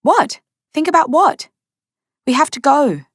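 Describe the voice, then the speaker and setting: An upset young woman, as a woman narrator puts her on, speaks urgently in an audiobook. Her voice sits higher and louder than the narration. The sound is close and dry. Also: animated, unhurried, no room sound. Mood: angry. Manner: urgent, emotional. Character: young woman, distressed and angry.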